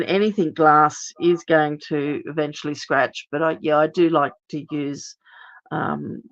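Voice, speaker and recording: A middle-aged woman hosts a live card-making demonstration. Her voice is a little hoarse as she recovers from losing it, and she explains each step in a chatty way with many ums. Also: sits low, lo-fi sound. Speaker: crafting live-stream host.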